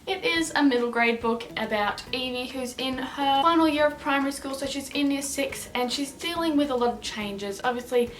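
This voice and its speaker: Chatty Australian woman, higher voice. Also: moderate pace, hardly any pauses, fairly bright tone. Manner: chatty, upbeat, rambling with fillers. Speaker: book vlogger. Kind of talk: casual book review vlog.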